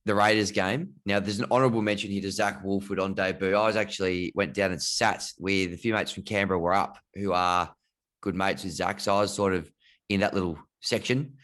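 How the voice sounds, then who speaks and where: An Australian man co-hosting a casual sports podcast, easygoing and chatty, quick to laugh. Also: low voice, steady tone, a bit bright. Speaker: podcast co-host. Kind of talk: casual chat.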